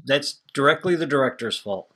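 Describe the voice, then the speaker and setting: A man's voice: medium pitch, lively intonation, brisk, a bit bright. A man co-hosting a podcast, chatting casually and opinionated about a movie, rambling and swearing freely. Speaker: podcast co-host. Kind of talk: casual movie review chat.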